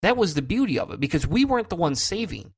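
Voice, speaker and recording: A man's voice: on the high side, big pitch swings, fast talker, breathy edge. A man co-hosting a podcast, telling a long personal story in a loose, conversational way. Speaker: podcast co-host. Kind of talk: casual chat.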